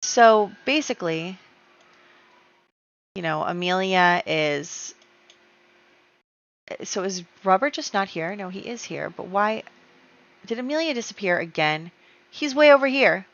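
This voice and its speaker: A gameplay YouTuber casually comments on her life-sim game, chatty and storytelling, with plenty of fillers. Her medium-pitched voice is lively and unhurried, with long pauses, and the recording sounds dull, lo-fi, and dry.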